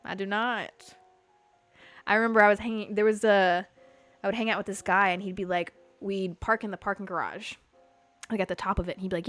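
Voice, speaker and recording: A young woman hosting a podcast, telling a story in casual chat, animated, full of fillers and swearing. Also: mid-range voice, fast, faint music behind. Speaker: podcast host. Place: Los Angeles.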